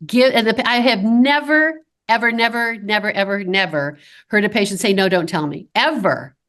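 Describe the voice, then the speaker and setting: A woman in her fifties who consults for dental practices gives a podcast interview, animatedly telling stories and acting out the quoted dialogue. Her voice is mid-range and moves at a moderate pace.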